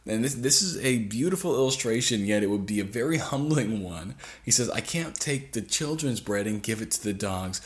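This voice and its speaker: A man's voice: lowish voice, expressive, moderate pace, few pauses. A man, a father, preaching a sermon in an earnest, pleading way, repeating phrases for weight.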